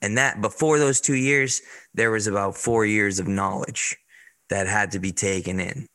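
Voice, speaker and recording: A man's voice: on the low side, fairly even intonation, normal speed, pushed and bright, no echo. A man, a podcast guest, telling a story in a casual, chatty way and swearing now and then. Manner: chatty, swears casually, quotes people in the stories. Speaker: podcast guest, real estate investor.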